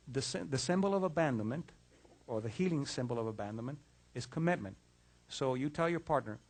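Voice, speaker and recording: A middle-aged lecturer on mind-body health gives a conversational talk about relationships, telling case stories. He often repeats words and restarts phrases, and his voice is a little high with a darkish tone.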